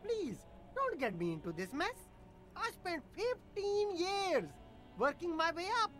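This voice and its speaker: A high, jumpy, evasive street vendor. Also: big pitch swings, measured pace, fairly bright tone, faint music behind, exaggerated voice. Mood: defensive. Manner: defensive, rambling denials. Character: evasive immigrant street vendor, defensive and boastful. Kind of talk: game voice acting.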